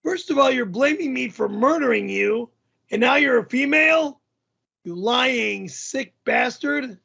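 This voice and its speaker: A man with a very high, gravelly voice and a husky edge hosts a live stream. He answers viewer messages indignantly, repeating himself and stammering. The stream audio is dull and lo-fi. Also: lively intonation, a little slow, pushed and bright. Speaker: livestream host.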